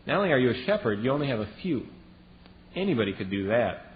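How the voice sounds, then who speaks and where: A man preaching a sermon as a Bible teacher, telling the story in a lively way and acting out the lines he quotes. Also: medium pitch, quick pace. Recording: dull lo-fi recording with long reverb and faint hiss.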